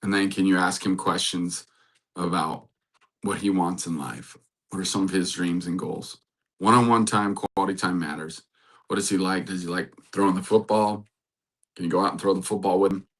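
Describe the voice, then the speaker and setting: A man hosting a faith-based talk, urging love and repeating affirmations in a soft, earnest way. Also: sits low, steady tone, moderate pace. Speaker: host and matchmaker.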